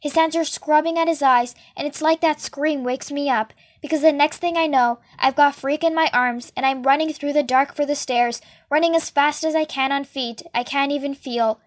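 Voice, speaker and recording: Lady reading a kids' novel out loud, high voice, steady and calm. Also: normal speed, few pauses. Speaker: storyteller. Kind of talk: reading a children's novel aloud.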